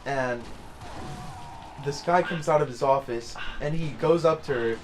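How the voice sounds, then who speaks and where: A man's voice: mid-range voice, measured pace, crowd noise. A young man telling a story while playing a game, rambling with many fillers and restarts. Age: young adult. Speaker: let's play commentator. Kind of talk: casual storytelling over gameplay.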